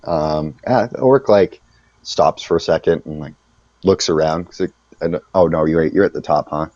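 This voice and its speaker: Deep mellow man running a tabletop game. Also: normal speed, dry recording, lo-fi sound. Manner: relaxed, chatty with fillers. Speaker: game master.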